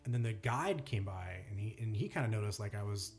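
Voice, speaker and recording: A man's voice: fairly low pitch, lively intonation, brisk, a little mellow, faint music behind. A man co-hosting a podcast, telling a story in casual chat with many fillers and restarts. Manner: rambling storyteller, lots of fillers. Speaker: podcast co-host.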